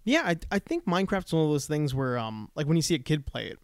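A man chatting on a podcast at a fast clip, his voice sitting a touch high. He swears freely and tells stories in an animated way. The sound is dry and close. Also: dry recording. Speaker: podcast co-host. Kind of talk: casual podcast chat.

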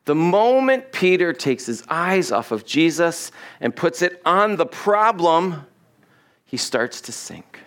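A man's voice: a little high, takes it slowly. A man preaching a sermon in a church on a body-worn microphone, acting out the lines of the people in the story. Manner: animated, acts out Bible characters' lines. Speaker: pastor. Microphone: body-worn mic with cable.

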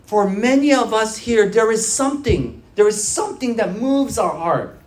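A pastor preaching a conversational sermon, telling stories in an animated way that swings from quiet to loud, often repeating and restarting phrases. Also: mid-range voice, normal speed, reverberant.

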